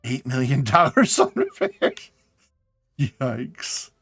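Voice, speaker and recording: A man's voice: medium pitch, huge pitch swings, slow, creaky, a bit bright, breathy edge, dry recording. A man casually chatting to his viewers while playing a game on a live stream, sounding tired and yawning. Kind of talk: casual live gameplay chat.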